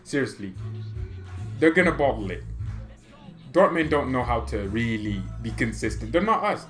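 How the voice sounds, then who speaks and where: A man hosting a fan channel stream, reading chat comments aloud and reacting with excitable, joking arguments and frequent laughter. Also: mid-range voice, moderate pace. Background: faint background music.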